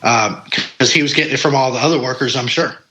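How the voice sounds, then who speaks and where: A man with a bright, forward voice talks casually as a podcast guest. He is blunt and candid, swears now and then, and keeps restarting his sentences with plenty of ums and uhs. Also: mid-range voice, fast talker, low-quality recording. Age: adult parent. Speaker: podcast guest, paranormal investigator. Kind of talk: casual conversation.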